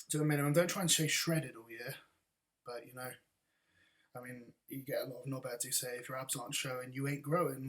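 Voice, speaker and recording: A man chats through viewer questions in a vlog with a casual, blunt, meandering delivery. He is a bodybuilder and coach, and his voice sits at a middle pitch. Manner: casual, chatty, blunt, rambling.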